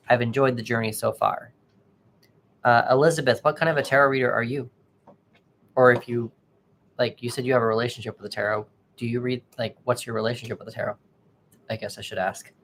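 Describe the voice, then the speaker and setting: A man hosting a tarot livestream, chatting casually and haltingly with viewers and greeting them by name. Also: medium pitch, fairly even intonation, a bit bright, a little hiss or hum.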